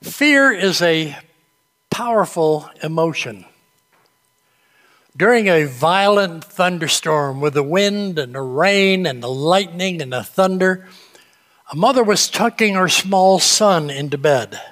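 A male pastor delivers a sermon in a church, easing his listeners in with light, humorous anecdotes. He takes his time over every phrase, and his voice sits a little high for a man. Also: lively intonation, long reverb tail. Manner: unhurried storytelling, gentle humor. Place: church sanctuary.

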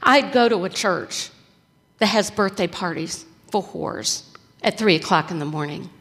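A woman voicing a gruff, plain-spoken male diner owner. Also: fairly low pitch, a little slow, a bit bright, voice pushed down. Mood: blunt. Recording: echoey hall reverb.

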